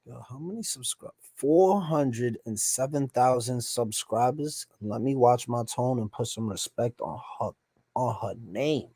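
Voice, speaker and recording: A man's voice: medium pitch, unhurried, mellow, slightly rough, no room sound. A man from the United States streaming live from home, reacting to videos with blunt, joking slang commentary. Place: home at night, son asleep nearby.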